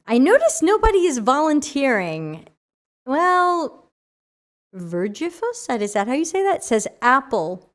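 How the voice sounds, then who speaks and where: A woman hosting a casual livestream Q&A, chatty and animated, reading chat questions aloud, her voice tired after an hour of talking. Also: sits high. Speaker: livestream AMA host.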